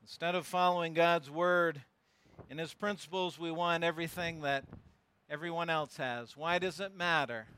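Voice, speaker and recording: Man, pastor, preaching with emphatic rhetorical questions; voice high and bright. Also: normal speed, clear, resonant tone. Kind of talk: sermon with verse-by-verse Bible teaching.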